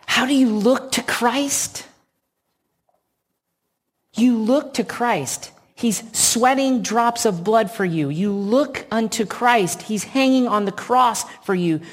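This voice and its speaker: A woman preaching a sermon, telling a story slowly and earnestly with emphatic repetition. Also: on the high side.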